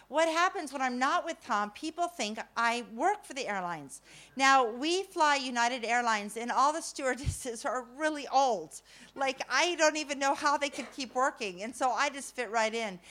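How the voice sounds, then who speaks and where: Animated, slightly high-voiced grandmother storyteller. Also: moderate pace. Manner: animated, self-mocking, swings between loud and hushed. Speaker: speaker telling a story to an audience. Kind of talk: humorous personal storytelling.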